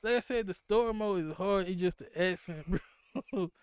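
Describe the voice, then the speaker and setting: Fast-talking young Mississippi man. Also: high-pitched, smooth, no echo, studio quality. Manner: fast-talking, laughs often, profane. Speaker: podcast host. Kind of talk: casual podcast chat.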